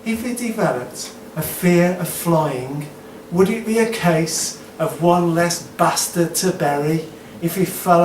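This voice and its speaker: Guy doing slow sardonic poetry live, slightly high voice, echoey room, far mic, faint room noise. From Birmingham, England. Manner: slow, deliberate, sardonic delivery with hesitant asides between poems. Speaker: performance poet. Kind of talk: spoken word poetry performance. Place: live performance venue, indoors.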